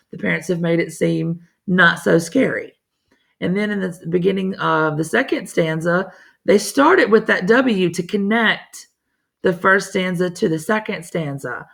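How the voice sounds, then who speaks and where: A woman teaches a recorded reading lesson, stopping often to talk straight to her students. Her voice is on the low side with a gravelly fry, and her manner is chatty and encouraging.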